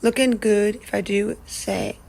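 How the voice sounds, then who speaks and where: A woman chatting upbeat through a nail art tutorial voice-over, playful and relaxed. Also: medium pitch, a little slow, vocal fry, rough recording.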